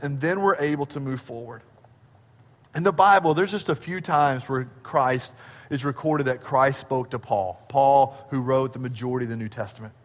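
A man preaches a sermon with a somewhat high voice. He swells and drops for emphasis and stacks repeated phrases. His voice rings with the long reverb of a church sanctuary. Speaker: pastor.

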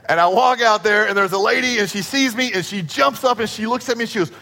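High-voiced man preaching in a reverberant hall. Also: fast talker, gravelly, hardly any pauses. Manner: storytelling, acts out dialogue with shifts in pace and loudness. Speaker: pastor. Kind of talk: sermon.

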